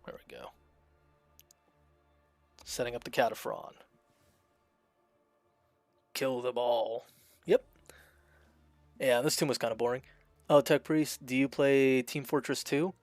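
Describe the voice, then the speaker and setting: Man, game streamer, gravelly voice, rambling casual commentary, dry close sound. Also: mid-range voice, steady tone, slow pace, pauses often, darkish tone, dry recording, soft background music. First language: Russian. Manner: chatty, thinks aloud, frequent fillers.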